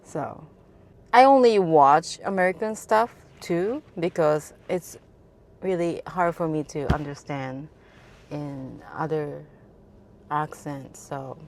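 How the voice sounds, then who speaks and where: Japanese-accented woman taxi driver, low voice, slow and relaxed, filler-heavy casual telling. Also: slight background noise. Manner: relaxed storytelling, many fillers. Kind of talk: casual interview chat.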